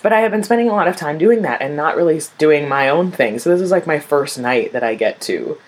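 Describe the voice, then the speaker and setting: A young adult woman with a low, expressive voice tells a personal story at a brisk clip. She's candid and conversational, sprinkling in plenty of "like" and addressing her listeners as y'all.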